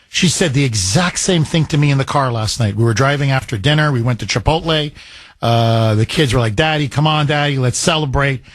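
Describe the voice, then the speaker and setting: A middle-aged man hosting a talk radio show, taking callers in an animated, emphatic, rambling way. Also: fairly high pitch, no echo. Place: radio studio.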